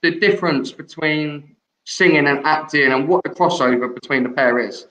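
A young man hosting a live show, asking interview questions in a measured, friendly way. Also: on the high side, a bit bright, echoey room, poor audio. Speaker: host.

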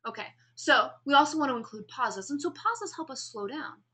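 A woman lectures a class on public speaking in a bright, ringing voice pitched a little high. She explains each idea and then demonstrates it, slowing down and pausing to show what she means. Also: expressive. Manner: explanatory, demonstrates pace and pauses while speaking.

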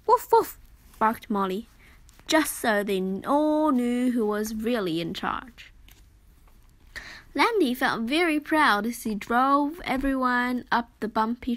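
High-voiced woman reading a kids' story. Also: fairly bright tone.

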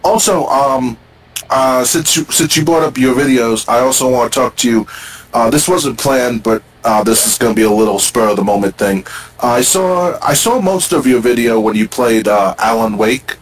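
A man's voice: mid-range voice, normal speed, low-quality recording. Conversational man hosting a podcast. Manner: conversational, hesitant with fillers, opinionated. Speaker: podcast host. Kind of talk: casual gaming podcast chat. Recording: faint background noise.

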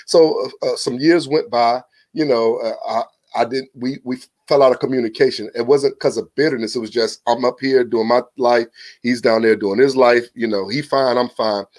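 A man's voice: medium pitch, steady tone, normal speed, a little mellow. A man, a podcast guest, telling a personal story in a casual, earnest way, often repeating words as he starts a thought. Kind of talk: casual testimony.

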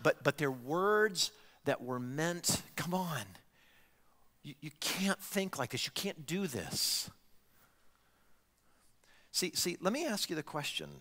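A male pastor delivers a sermon in a church sanctuary, his fairly high, bright voice swinging widely in pitch. He speaks in an animated way and keeps putting questions to his listeners, with a long hall reverb trailing each phrase. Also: slow pace, long pauses. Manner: animated, asks the congregation direct questions.

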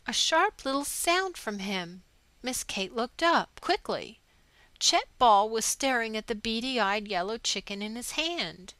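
A woman narrating a short story aloud, measured and steady. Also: on the high side, no room sound, poor audio. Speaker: audiobook narrator. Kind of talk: scripted narration.

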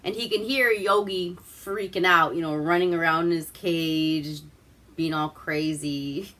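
Slow, bright-voiced woman host recapping. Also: fairly low pitch, steady tone. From Alaska. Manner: profane, rambling and laughing. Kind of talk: casual movie recap.

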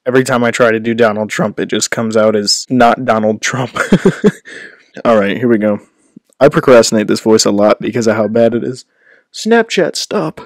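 A man's voice: fairly low pitch, flat delivery, normal speed, no echo, clean studio sound. A young man rambling in a casual vlog, self-deprecating, at a home setup with a desk microphone. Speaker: host.

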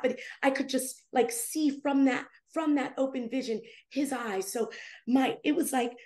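A woman with a high, bright-pitched voice tells a personal story in a podcast interview. She is animated and expressive, leaping up in pitch when she acts out what she said. The sound carries a roomy echo. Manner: animated, acts out her own past dialogue with big pitch jumps. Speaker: guest, prophetic intercessor.

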